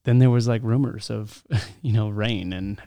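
A man's voice: fairly low pitch, normal speed, dark tone, clean tone, no echo. A man in his thirties co-hosting a podcast, telling stories in an easygoing, laid-back way. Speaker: podcast co-host. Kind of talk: casual chat.

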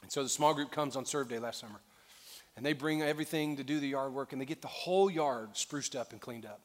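Earnest preacher in a reverberant hall. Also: male voice, medium pitch, fairly quick. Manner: earnest, storytelling, builds to fervent exhortation. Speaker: pastor. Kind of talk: sermon. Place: large church auditorium. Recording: long reverb in a large hall.

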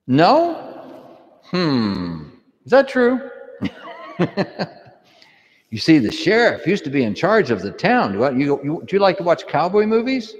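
A man as priest or deacon, reading the gospel and giving an animated homily to children, asking them questions. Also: on the high side, measured pace, long pauses, highs cut off. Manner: animated storytelling, asks kids questions. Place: church. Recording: long church reverb.

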